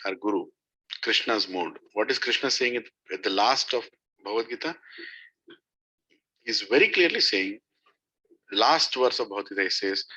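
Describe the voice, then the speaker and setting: Man with a very bright, sharp voice. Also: fairly low pitch, moderate pace, pauses often. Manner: storytelling, asks listeners questions. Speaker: spiritual teacher. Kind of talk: devotional talk to a satsang group. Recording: dull lo-fi recording.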